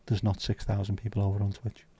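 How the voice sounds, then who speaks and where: A man's voice: lowish voice, completely flat delivery, quick pace, warm tone, slightly rough. A man hosting a casual livestream, chatting loosely, reading out viewer comments and joking around with plenty of swearing. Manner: rambling, jokey, swears freely. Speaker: livestream host.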